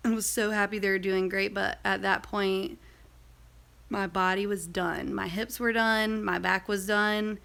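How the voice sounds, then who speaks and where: Chatty woman with a gravelly edge. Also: mid-range voice, steady tone, a little slow, a bit bright. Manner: chatty, rambling, many fillers and asides. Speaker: vlogger. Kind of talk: casual storytelling vlog.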